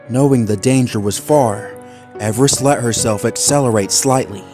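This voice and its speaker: A man reading a horror fan story aloud in a measured, ominous way. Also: mid-range voice. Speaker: narrator. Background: faint background music.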